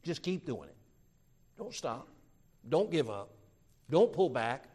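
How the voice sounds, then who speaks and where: A middle-aged man, a pastor, telling a story in a sermon and acting out the people he quotes with lively voice changes. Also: a little high, slow pace, slightly rough.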